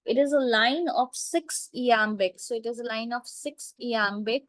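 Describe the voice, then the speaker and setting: Slow, repetitive woman lecturing. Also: a little high, a bit bright, no echo, rough recording. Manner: slow, repetitive, checks understanding with "right?" and "clear?". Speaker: literature teacher. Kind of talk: classroom lecture.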